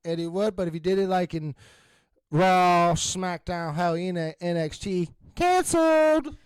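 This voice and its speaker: A man's voice: sits high, little pitch movement, measured pace, clear, resonant tone, no echo. A man co-hosting a casual podcast, mostly agreeing in short replies and cracking crude jokes. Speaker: podcast co-host.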